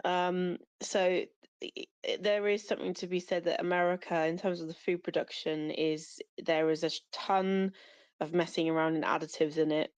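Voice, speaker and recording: A woman's voice: on the low side, fairly even intonation, moderate pace, darkish tone, clear, resonant tone, dry recording. A woman from the UK talking in a casual group chat, rambling on with many fillers and restarts. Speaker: caller in an audio chat room.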